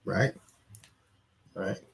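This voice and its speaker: A man hosting a casual interview, laid-back and laughing a lot. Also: extremely slow. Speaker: show host.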